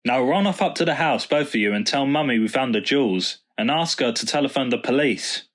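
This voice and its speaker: A man's voice: medium pitch, animated, a little fast, pitched above the performer's own voice, natural voice. A man reading a patient, thoughtful father. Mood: gentle. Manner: warm, thoughtful and explaining. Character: kind, patient father and vicar. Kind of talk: storybook reading.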